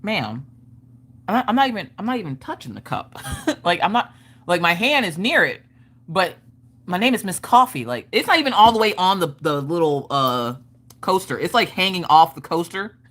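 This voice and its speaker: Woman streamer rambling stories, low voice but bright edge, cusses and laughs a lot. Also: moderate pace. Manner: animated, swears casually, laughs often. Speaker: livestream host. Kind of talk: casual chat storytelling.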